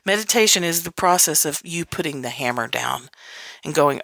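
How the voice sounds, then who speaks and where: A woman with a fairly low voice talks in a candid, loose teaching style and breaks into laughter often. She swears casually. The recording is dry and close, with no room sound. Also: moderate pace, creaky, fairly bright tone, no echo. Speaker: podcast host.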